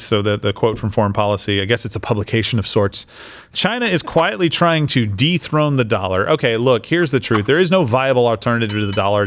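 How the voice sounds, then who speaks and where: A man's voice: mid-range voice, slight background noise. A man co-hosting a political commentary show, talking casually with frequent restarts and jokey mock voices. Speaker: co-host.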